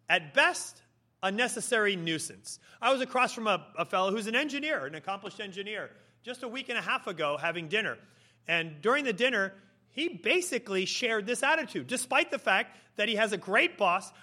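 A man delivers a sermon in an animated, storytelling way. His voice sits high and bright, and it swings widely in pitch as he brings the characters to life. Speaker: pastor.

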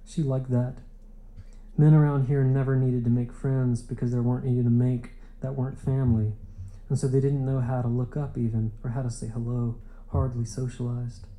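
A man reading a literary novel aloud in a measured, unhurried way. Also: medium pitch, little pitch movement, mellow, poor audio. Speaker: audiobook narrator. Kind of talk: literary audiobook narration.

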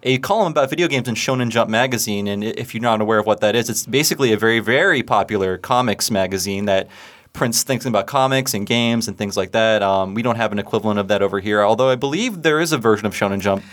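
A man's voice: on the low side, fast, a bit bright. A man hosting a podcast, talking loosely and chattily with frequent fillers. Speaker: podcast host. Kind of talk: casual podcast chat.

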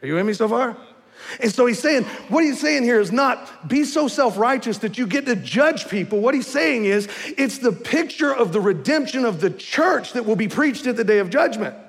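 A man's voice: very high-pitched, expressive, normal speed, gravelly. A man, preaching a sermon as pastor in a folksy, conversational way, often asking the congregation questions. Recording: long hall reverb.

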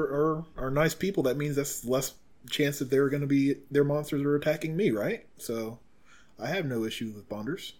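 A man speaking in character as a player in a tabletop game, often stammering and repeating words. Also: mid-range voice. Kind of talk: in-character tabletop role-play.

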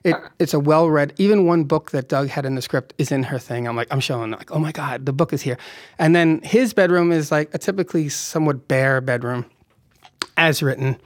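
A man, a film director, telling an animated anecdote in conversation and acting out quotes. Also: on the high side, a little fast, no room sound, clean studio sound. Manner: animated storyteller, acts out quotes, laughs often.

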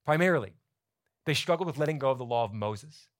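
Lively, animated male preacher. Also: mid-range voice, quick pace. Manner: lively, explanatory preaching with rhetorical questions. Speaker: pastor. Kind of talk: sermon. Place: church sanctuary.

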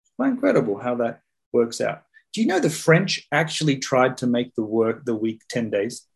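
A man's voice: medium pitch, animated, normal speed, vocal fry, low-quality recording. A man hosting a casual discussion, rambling and repeating words as he tells stories and teaches. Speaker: host.

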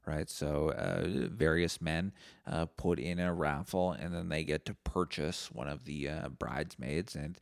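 A man's voice: very deep voice, measured pace, vocal fry, no echo, clean studio sound. A man, hosting a solo podcast and rambling through profane, jokey stories. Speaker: podcast host. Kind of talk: solo comedic podcast monologue.

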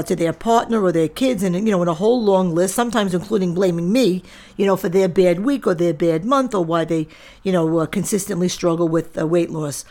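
A middle-aged woman with a somewhat low voice hosts her own solo podcast. She speaks firmly and directly, in a lecturing tone. Her delivery stays steady and plain, as if giving straight advice to her listeners. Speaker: podcast host and diet center owner.

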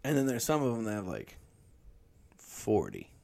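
A young man chatting with a friend in a somewhat low voice. He tells stories in a dry, profane manner and drifts into offhand asides. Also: wildly swooping pitch, normal speed, creaky, darkish tone. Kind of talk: casual chat.

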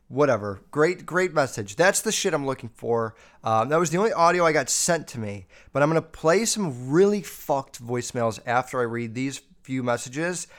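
A man hosts his show by reading listener messages aloud and reacting to each one. He swears freely and talks in an animated, off-the-cuff way. His voice sits at a plain middle pitch. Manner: profane, animated, riffing. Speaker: podcast host.

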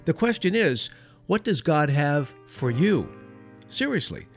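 Man, talk show host, earnest preacherly tone, slightly high voice, soft guitar behind. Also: big pitch swings, measured pace. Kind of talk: Christian talk show hosting.

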